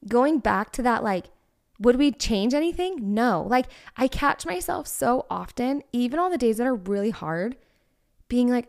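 A woman's voice: a little high, lively intonation, measured pace. A woman in her thirties co-hosting a podcast, talking candidly and personally, with lots of "like" in her casual chat. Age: 30s. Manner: chatty, heavy use of "like", candid and personal. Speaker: podcast co-host.

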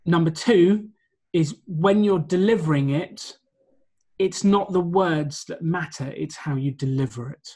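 A man's voice: fairly high pitch, a little slow, darkish tone, husky. A man being interviewed about his work as a presentation coach, explaining his points in a confident, orderly way. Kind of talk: conversational interview.

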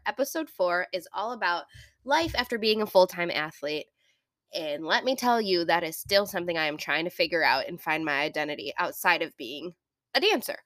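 A woman's voice: on the low side, fairly bright tone, no echo. Playful young woman hosting a podcast. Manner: playful, bubbly, rambling. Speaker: podcast host. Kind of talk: casual podcast chat.

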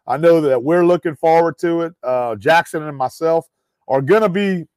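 Folksy podcast host, dry and close. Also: male voice, on the high side, moderate pace, a little mellow, clean tone, dry recording. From Louisiana. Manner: folksy, frequent fillers, calls listeners guys. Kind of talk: casual podcast talk.

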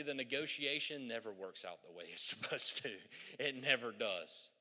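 A man's voice: mid-range voice, normal speed, bright, forceful tone, long reverb tail. A male pastor preaching a sermon in a humorous, conversational storytelling way, in a church sanctuary.

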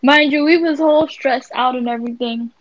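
A woman co-hosting a casual podcast chat, telling stories loudly and laughing often. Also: sits high, normal speed, no room sound, lo-fi sound. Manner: loud, laughing, animated storytelling. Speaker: podcast co-host.

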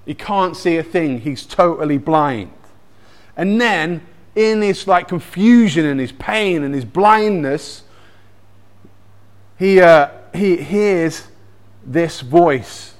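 A man telling a Bible story in a lively, animated way, mixing in personal anecdotes. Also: a little high, slow pace. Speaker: speaker retelling a Bible story.

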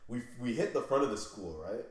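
A man's voice: mid-range voice, lively intonation, brisk. A young man in casual chat, telling a story animatedly with lots of swearing and acted-out dialogue. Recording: echoey room.

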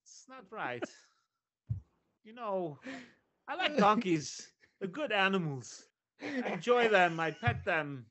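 A man co-hosting a casual comedy podcast, telling animated stories and swearing freely. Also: sits high, slow, pauses often. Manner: animated storyteller, swears freely, slips into joke voices. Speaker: podcast co-host.

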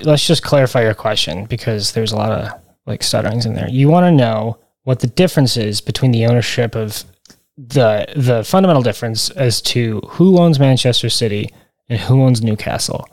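A man's voice: mid-range voice, moderate pace, a little mellow. A man co-hosting a podcast in casual chat, rambling and wry as he explains things. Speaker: podcast co-host.

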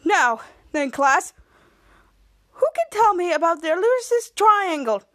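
A woman voicing a stern, pompous male substitute teacher who gives slow, bossy classroom commands. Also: very high-pitched, very animated, pushed and bright, no room sound, heavily acted.

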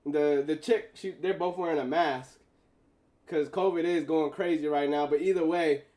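A high-voiced man speaks to his audience in a casual monologue, spinning a personal story. His delivery is animated and full of slang, with easy laughter along the way. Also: normal speed. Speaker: vlogger telling a story.

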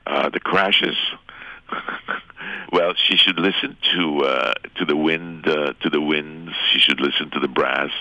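An older man, a guest violinist calling in, gives unhurried, chuckling advice with some restarts. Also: rumbling low, fairly even intonation, creaky, pushed and bright, dry recording. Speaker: guest violinist on a phone call. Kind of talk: casual phone conversation. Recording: phone line.

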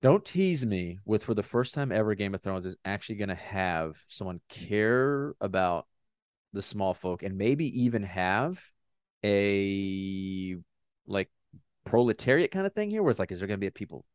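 A man's voice: lowish voice, animated, moderate pace, smooth, dry recording, studio quality. A man co-hosting a podcast, chatting casually in a rambling, joking way, with the odd swear word. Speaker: podcast co-host. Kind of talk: casual chat.

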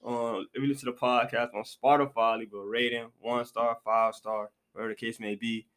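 A man's voice: mid-range voice, little pitch movement, fairly quick, a bit bright, clear, resonant tone. A young man hosting a casual podcast chat, loose and slangy, repeating his phrases as he goes. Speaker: podcast host.

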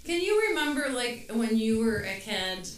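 A woman co-hosting a podcast, chatting casually and calmly asking probing questions. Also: fairly high pitch, normal speed, recorded from a distance. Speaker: podcast co-host. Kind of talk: casual chat. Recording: roomy, set back from mic.

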